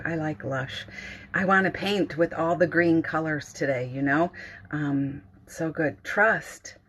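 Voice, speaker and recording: A middle-aged woman hosting a casual morning livestream from home, gentle and giggly, greeting viewers and reading their comments aloud. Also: low voice, breathy edge.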